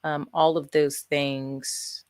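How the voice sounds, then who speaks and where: A woman podcast host talks in a low voice, supportive and thoughtful, in a relaxed interview. The recording is dry and close, with little room sound. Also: very slow, clear, resonant tone, no echo. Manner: supportive, reflective. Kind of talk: casual interview talk.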